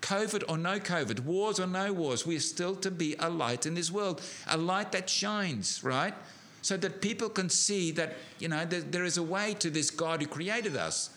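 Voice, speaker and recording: A middle-aged man preaching a sermon, animated, building to emphatic peaks with frequent restarts. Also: high voice, moderate pace.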